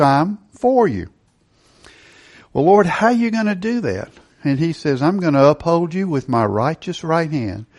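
Middle-aged male preacher, emphatic teaching delivery, slightly raised pitch. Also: darkish tone. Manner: emphatic teaching with rhetorical questions. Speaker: pastor. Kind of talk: sermon.

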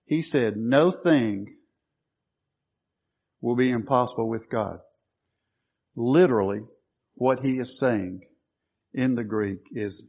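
A man's voice: medium pitch, slow pace, vocal fry, pauses often, darkish tone, dull audio. A man preaching a sermon, quoting scripture and stressing key words emphatically.

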